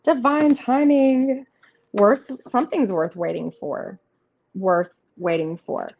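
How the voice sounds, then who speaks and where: Her voice sits on the high side, a little mellow with vocal fry, and her intonation stays fairly even at a slow pace. She's a woman hosting a live tarot reading, casually rambling through the cards with many fillers and reassuring the viewers she addresses directly. The stream sounds slightly muffled and faintly noisy.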